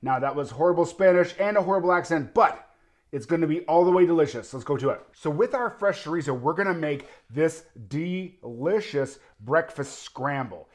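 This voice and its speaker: An upbeat man walks through a home cooking demonstration, his voice pitched a little high for a man. He sounds eager and chatty as he tastes and explains each step. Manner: enthusiastic, talks while tasting and cooking. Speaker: cooking show host.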